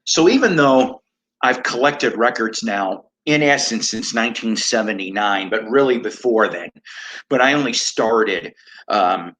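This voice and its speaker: This livestream host and record collector, in his fifties and from around Chicago, speaks in an expressive, lowish, fairly bright voice at a measured pace. His talk wanders, pokes fun at himself, and includes casual cursing, all on a rough recording.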